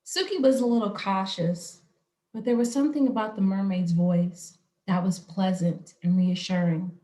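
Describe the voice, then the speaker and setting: A woman from Arizona telling a story at a live online storytelling event, slow, expressive and rhythmic. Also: mid-range voice, reverberant. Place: home, online stream.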